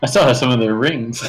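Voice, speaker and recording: Man, mid-pitched voice, tabletop player, chatty and hesitant, faint music. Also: slightly rough. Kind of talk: casual game chat.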